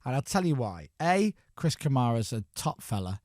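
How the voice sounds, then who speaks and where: Animated man hosting studio radio. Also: medium pitch, normal speed, dry recording. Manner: animated storyteller, acts out quoted voices. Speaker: radio host. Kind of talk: lively breakfast radio chat. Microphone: studio mic.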